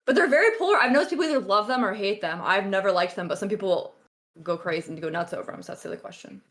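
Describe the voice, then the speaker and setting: A woman player chatting in an animated, scattered way, jumping between thoughts. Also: mid-range voice, very fast. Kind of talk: casual chat.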